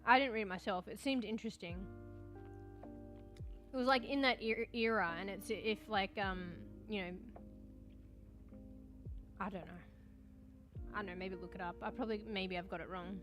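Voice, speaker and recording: A woman's voice: mid-range voice, moderate pace, long pauses, a bit bright. A woman streaming live, chatting casually with viewers while eating, swearing often. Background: faint music.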